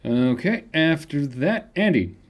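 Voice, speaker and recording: A young man acting as game master, talking briskly about the rules and cracking jokes. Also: fairly high pitch, animated, dull audio, a little hiss or hum. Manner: brisk, rules-focused, joking. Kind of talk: running a tabletop game.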